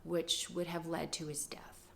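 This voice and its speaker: A stern, serious male police officer speaks low and measured, keeping his voice hushed. A woman puts him on as she retells the encounter. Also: little pitch movement, vocal fry, slight background noise, exaggerated voice.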